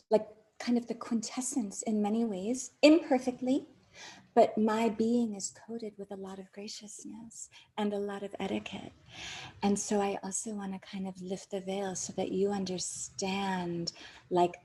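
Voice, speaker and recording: A woman podcast host telling a personal story in a soft, breathy voice that often sinks to a near whisper, chatty and laughing often. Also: mid-range voice. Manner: chatty, with many "like" fillers and frequent laughs.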